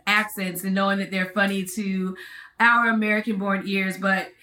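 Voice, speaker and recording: A woman's voice: medium pitch, level tone, normal speed, sharp tone. A woman co-hosting an interview in a playful, teasing way. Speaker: co-host. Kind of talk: casual interview chat. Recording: roomy echo.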